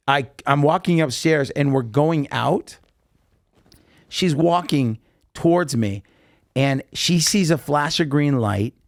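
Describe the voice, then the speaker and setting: Animated storytelling man, dry sound. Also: medium pitch, no echo. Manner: animated storyteller acting out quotes. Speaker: podcast guest, singer. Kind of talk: casual chat, storytelling.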